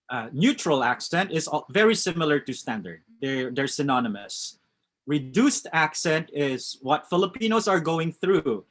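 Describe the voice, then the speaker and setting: A man's voice: on the high side, fairly bright tone. A man with a West Coast American accent teaching a live online English class, reading out chat answers and commenting on them.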